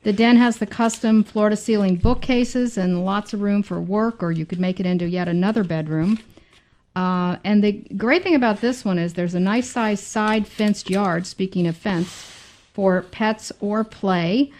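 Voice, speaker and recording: A woman's voice: medium pitch, normal speed, darkish tone. Chatty woman praising a home listing. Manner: chatty, admiring, many fillers. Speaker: real estate agent on a radio show. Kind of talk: casual radio talk show.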